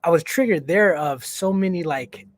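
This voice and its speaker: A man joining a panel chat from a coffee shop over a video call, relaxed and rambling as he tells stories. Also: fairly high pitch, normal speed, no room sound. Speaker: panel guest. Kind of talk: casual panel talk.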